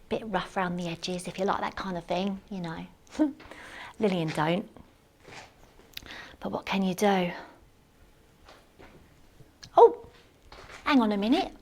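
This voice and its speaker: A woman playing a chatty, cleaning-obsessed housewife in a live one-woman comedy monologue, gushing and excitable, full of rambling asides. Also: mid-range voice, takes it slowly, creaky, long pauses, full character voice. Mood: gushing chatter. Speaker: stage comedy performer. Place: theatre stage.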